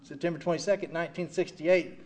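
An older man speaking at a recovery meeting, giving an animated, self-mocking personal testimony full of "you know.". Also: fairly high pitch, quick pace.

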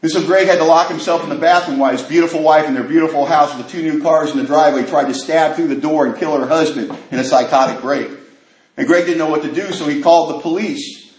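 A man sharing his recovery story at a meeting, a vivid storyteller with casual street grammar who acts out the voices of others and drops to a hush in tense moments. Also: a little high, fairly even intonation, quick pace. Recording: echoey room.

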